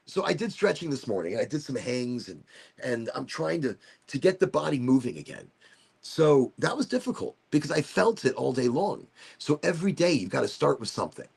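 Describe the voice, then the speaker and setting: A man's voice: on the high side, very animated, brisk, gravelly, breathy edge. A man hosting a casual livestream chat, rambling from topic to topic and losing his thread. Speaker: host of a livestream talk show.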